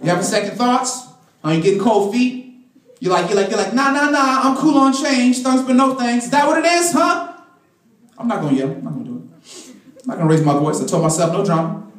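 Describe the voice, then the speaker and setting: A man putting on an impression of a president leaving a halting, pleading voicemail for a lover. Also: very high-pitched, sing-song. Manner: halting, pleading, full of restarts. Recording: echoey room from far off.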